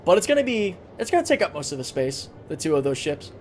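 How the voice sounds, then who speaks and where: A man's voice: on the high side, big pitch swings, quick pace, slight background noise. A man live-streaming a game, chatting casually, thinking aloud and answering chat, with a recurring cough.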